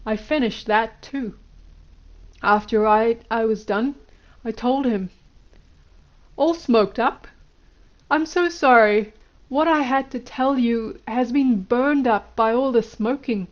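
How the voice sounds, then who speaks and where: A woman's voice: a little high, takes it slowly, long pauses, dull audio. A woman reading the lines of an elderly male guru, lecturing in an instructive way. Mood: boastful. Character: elderly male Indian guru, stern teacher.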